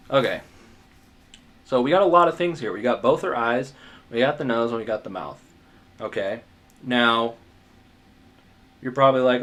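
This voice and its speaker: A man's voice: medium pitch, fairly bright tone. A man giving a casual drawing tutorial as he sketches, rambling, muttering asides to himself, self-mocking and swearing now and then. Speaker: art tutor.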